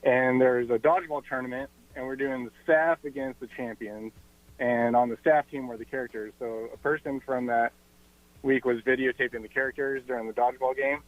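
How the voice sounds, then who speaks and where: A man calling into a radio show, telling a story in a plain, steady way. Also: mid-range voice, brisk. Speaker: caller. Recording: tinny phone line.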